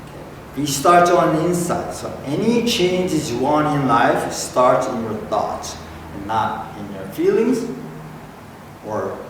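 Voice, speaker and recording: A middle-aged Korean-accented man preaches slowly and deliberately, pausing to ask "okay?" after each point. His voice is caught from a distance in a big, echoing hall, with a long reverb tail and steady room noise under it. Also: medium pitch. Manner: repeats key points and checks in with "okay?". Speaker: pastor. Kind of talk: sermon. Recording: echoey hall from far off, noisy room.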